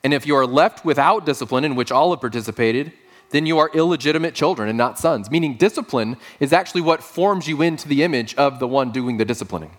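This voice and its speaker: A man preaching a sermon to a congregation, rising and falling sharply in pitch, with humorous stories told in deadpan quoted lines. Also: fast. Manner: lively preaching with sudden pitch leaps and quiet asides. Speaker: pastor.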